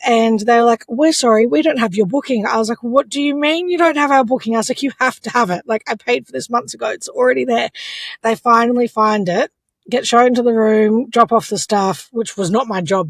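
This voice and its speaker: A young adult Australian woman telling stories as a podcast guest, animated and quick to act out what people said. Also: medium pitch, slightly rough, no echo. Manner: animated, acts out quotes, laughs often. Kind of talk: casual storytelling chat.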